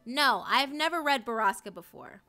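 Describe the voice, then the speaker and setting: A young woman streaming live, chatting casually and emotionally, swearing often and swinging between loud outrage and low dejected mumbling. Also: animated, normal speed, faint music behind. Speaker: streamer reacting to a story.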